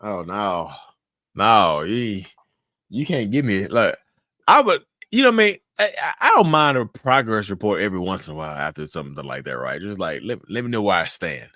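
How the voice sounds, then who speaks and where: A man's voice: moderate pace, dry recording. A man hosting a casual interview, talking loosely with swearing and acting out his reactions in big jumps of voice. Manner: animated, acts out reactions with big pitch jumps and laughs. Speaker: interview host.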